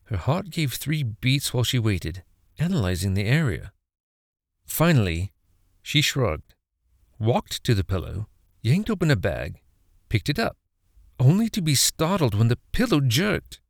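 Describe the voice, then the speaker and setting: A man telling a horror story as a narrator, in an expressive, dramatic reading. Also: medium pitch, measured pace, vocal fry, pauses often, no room sound, clean studio sound.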